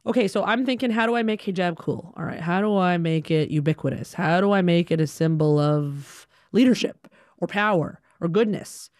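A woman from Alabama telling a personal story in a lively way, acting out the dialogue. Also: fairly low pitch, moderate pace, no echo, clean studio sound. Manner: animated, acts out dialogue.

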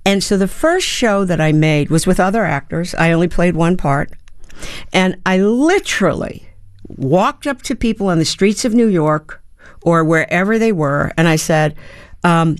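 Recorded in clean studio quality with no room sound, a woman in her seventies from the United States, an actor and playwright, reflects on interview questions through stories, using fillers and restarting sentences. She speaks at a moderate pace in a lowish voice with lively intonation.

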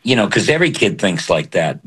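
A man who is a voice actor, speaking earnestly and haltingly as a guest in an interview. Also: sits low, big pitch swings, slightly rough. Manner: halting, earnest, soft-spoken. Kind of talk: candid interview talk.

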